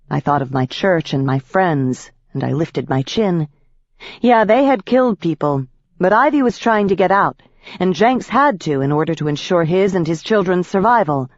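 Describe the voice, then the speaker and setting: A woman with a low voice reads a first-person audiobook, intense and emphatic. The recording is dry and slightly dull, with no room sound at all. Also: moderate pace, darkish tone, no room sound. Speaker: audiobook narrator.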